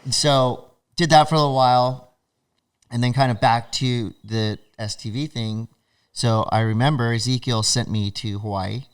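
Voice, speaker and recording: A man guest on a podcast, telling stories in an animated, laughing way and acting out what other people said. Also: medium pitch, normal speed, clean tone. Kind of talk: casual storytelling.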